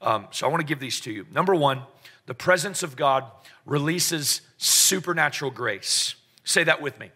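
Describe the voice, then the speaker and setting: Bright husky-voiced man preaching. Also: a little high, moderate pace. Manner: animated storytelling with joking asides to the congregation. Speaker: pastor. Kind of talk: sermon. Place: church service in front of a congregation.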